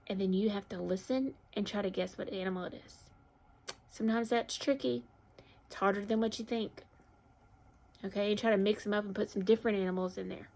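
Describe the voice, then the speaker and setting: A woman teacher reading a picture book aloud to young children in a sing-song storybook voice, with high excited calls and gentle, encouraging questions.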